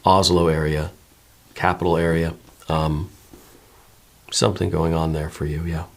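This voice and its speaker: A man with a very low voice gives a slow, gentle tarot reading. He muses and meanders, hedging his guesses and checking in with viewers as he goes. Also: little pitch movement, creaky. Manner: musing and meandering, many hedges and repeated "right?". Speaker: tarot reader.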